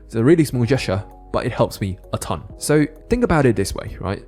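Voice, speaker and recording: A man giving a casual crypto chart analysis, often checking in with the listener with quick tag questions. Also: on the low side, expressive, mellow, soft background music. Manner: casual, keeps adding "right?" tag questions. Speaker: crypto trading YouTuber.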